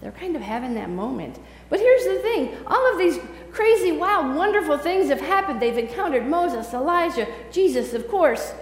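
A woman pastor preaching a sermon in a conversational, animated storytelling way. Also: high-pitched, normal speed, few pauses, reverberant, big-room sound, rough recording. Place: church sanctuary.

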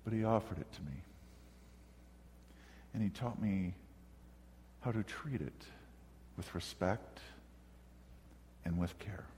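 A man serving as pastor, preaching a conversational sermon with reflective storytelling and gentle humor, from the northern United States. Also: lowish voice, lively intonation, takes it slowly, long pauses, a little hiss or hum. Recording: hall reverb.

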